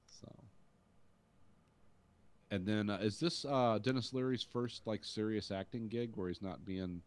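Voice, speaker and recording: Low-voiced man rambling about a movie. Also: fairly even intonation, a little slow. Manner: rambling, searches for names. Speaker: podcast co-host. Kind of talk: casual movie review chat.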